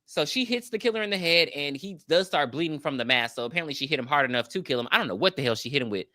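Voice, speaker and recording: A woman's voice: low-pitched, lively intonation, rapid-fire, bright, forceful tone, no echo, studio quality. A woman co-hosting a podcast, recapping a movie in casual, profane chat and acting out the characters' lines. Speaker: podcast co-host.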